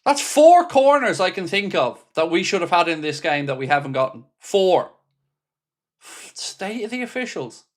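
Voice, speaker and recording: A man's voice: high-pitched, big pitch swings, normal speed. A man hosts a live football watchalong and commentates as the match unfolds. He sounds openly exasperated and swears without holding back. Between calls of the play, he reads out and replies to messages from his viewers. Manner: frustrated, exasperated, swears freely. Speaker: fan channel host.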